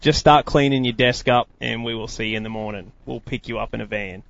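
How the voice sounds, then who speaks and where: A man's voice: mid-range voice, fairly quick, creaky, close to an everyday voice. A man reading a movie scene aloud, playing a brash man who makes prank phone calls, with a plain read that keeps breaking into laughs. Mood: smug. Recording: muffled lo-fi recording.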